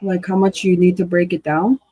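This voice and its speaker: A woman teaching a language lesson, slowly sounding out syllables and words in casual drills. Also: lowish voice, steady tone, mellow, slightly rough, poor audio. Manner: slow, drawn-out syllable drills.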